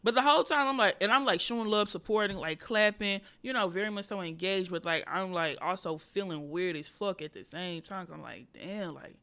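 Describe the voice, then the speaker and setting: A woman comedian hosts her own podcast and talks through her story in a loose, profane monologue. Her voice is bright and forceful. She jumps from loud, punchy bursts to quiet, muttered side remarks. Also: fairly quick, hardly any pauses, clear, resonant tone. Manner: profane, animated, switches between loud bursts and low muttering.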